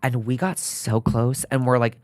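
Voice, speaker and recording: A drag performer guesting on a podcast, chatting casually in a campy, animated way and laughing often. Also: male voice, medium pitch, a little slow, dry recording. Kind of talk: casual chat. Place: podcast studio.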